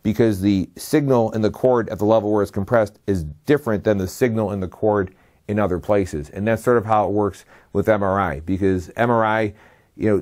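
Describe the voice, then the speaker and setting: Slightly low-voiced man giving a methodical lecture. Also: a little mellow. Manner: methodical, listing terms one by one with brief dry asides. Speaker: medical lecturer. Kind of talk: slide lecture.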